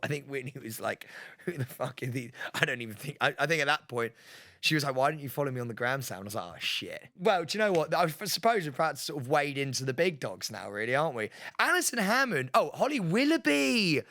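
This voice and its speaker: Bright, animated man who laughs a lot. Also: mid-range voice, quick pace, no echo. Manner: laughs often while telling animated anecdotes. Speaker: podcast co-host. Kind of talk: casual chat.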